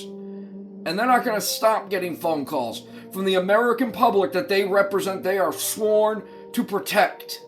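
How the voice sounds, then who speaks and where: A man delivering an angry political rant to camera, profane, impassioned and pleading. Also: high-pitched. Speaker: commentator.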